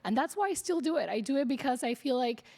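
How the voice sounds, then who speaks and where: A woman with a high, bright voice speaks into a podium microphone at an awards breakfast. She is in her thirties and a Spanish speaker, and she laughs easily as she tells her story, slipping into Spanish now and then. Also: fast, vocal fry. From Colombia. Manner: animated and laughing, mixing in Spanish. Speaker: award honoree, TV reporter. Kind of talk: acceptance speech. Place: banquet hall at an awards breakfast.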